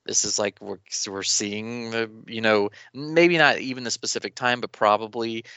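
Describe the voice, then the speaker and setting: A man co-hosting a podcast in casual chat, rambling and animated with many restarts. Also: lowish voice, moderate pace, clean tone, no echo. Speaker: podcast co-host.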